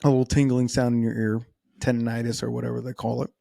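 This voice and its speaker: A man's voice: mid-range voice, flat delivery, fast, creaky, dark tone, dry recording, clean studio sound. A man hosting a solo podcast, talking casually in a rambling, self-deprecating way with frequent restarts. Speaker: podcast host.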